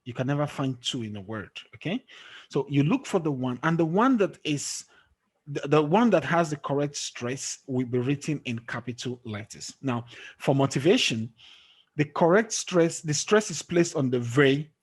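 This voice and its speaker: Man, teacher, patient, quizzes students, slightly high voice. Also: lively intonation, normal speed, husky. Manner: patient, checks understanding with frequent "okay?" and quiz questions. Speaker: English teacher. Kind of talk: online classroom lesson. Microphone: screen-sharing call or recording.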